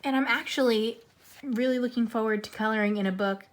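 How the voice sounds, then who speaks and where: A woman's voice: a little high, a little fast. Bubbly woman losing her voice. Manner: bubbly, gushing, repeats 'super'. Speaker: vlogger showing a coloring book haul. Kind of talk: casual chat.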